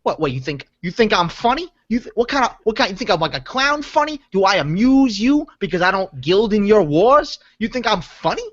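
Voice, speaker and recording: A man's voice: high-pitched, very animated, a little fast, few pauses. A man with a Long Island accent voicing a brash, hot-tempered male mobster who rambles and boasts in tough-guy patter. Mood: menacing. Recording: dull lo-fi podcast audio.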